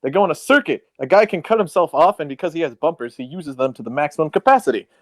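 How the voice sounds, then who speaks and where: A man co-hosting a podcast, telling stories with excitable, swinging emphasis in casual banter. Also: a little high, fast, dry recording. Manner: excitable storyteller with sudden swings in loudness. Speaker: podcast co-host.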